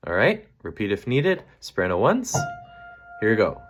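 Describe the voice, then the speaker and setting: A choir director with a lowish male voice and wildly swooping pitch counts beats and calls out measures and cues for the soprano sections at normal speed. Loud piano accompaniment sits behind his voice, and the high frequencies are cut off.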